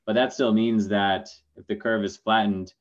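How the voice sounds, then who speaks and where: A man talking calmly as a guest in a casual video call chat, with dull lo-fi call audio. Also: lowish voice, moderate pace.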